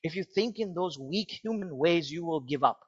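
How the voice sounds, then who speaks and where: Guy preaching, high voice, gets fired up, dull dry sound. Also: normal speed, breathy edge, no echo. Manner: earnest, building to excited emphasis. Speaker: pastor. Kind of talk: sermon.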